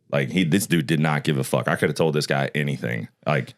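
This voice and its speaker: A man's voice: a bass voice, fast, few pauses. A man who sings lead in a band, a podcast guest chatting bluntly and swearing freely. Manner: blunt, profane storytelling. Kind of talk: casual chat.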